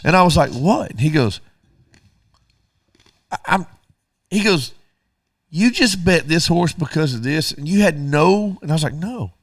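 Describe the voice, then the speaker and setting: A man's voice: a little high, animated, unhurried, pauses often, dry recording, studio quality. A middle-aged man, co-hosting a radio show and telling a story casually while acting out both sides of the dialogue.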